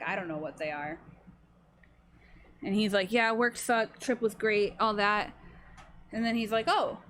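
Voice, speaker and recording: A mid-range female voice comes through with a little hiss or hum, belonging to a streamer in her early twenties. She rambles casually through a story for her chat, swearing freely, while loud music plays beneath her.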